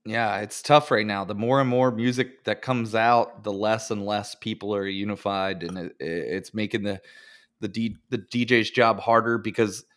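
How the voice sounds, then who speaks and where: A man's voice: fairly low pitch, fairly even intonation, normal speed, fairly bright tone. A man co-hosting a podcast, a DJ chatting casually and laid-back, full of "like" and the odd curse as he retells club nights. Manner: laid-back, lots of "like", swears, quotes people in storytelling. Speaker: podcast co-host, DJ. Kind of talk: casual chat.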